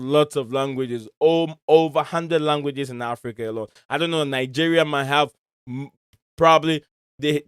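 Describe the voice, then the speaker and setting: Male stream host, loose rambling talk; smooth, dry close sound. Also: a little high, dry recording. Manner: rambling, searching for words. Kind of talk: casual chat on a live stream. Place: home in Michigan.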